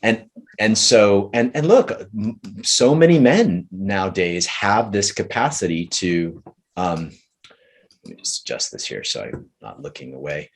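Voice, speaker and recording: Deep-voiced man coaching slowly. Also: very animated, creaky, breathy edge. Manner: earnest, slow and searching, many restarts. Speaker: relationship teacher leading a group session. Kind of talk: coaching talk with a participant.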